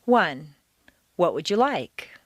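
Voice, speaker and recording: Woman with lively, sweeping intonation. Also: fairly low pitch, no echo. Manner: clear, deliberate teaching delivery with exaggerated stress in examples. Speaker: accent coach. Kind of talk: scripted audio lesson.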